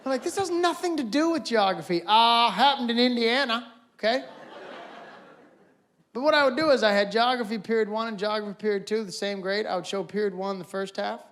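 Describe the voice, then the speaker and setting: A man performing stand-up comedy on a stage, animated and acting out scenes. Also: high-pitched, fairly quick. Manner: animated, acts out voices and scenes. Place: auditorium stage before a live audience.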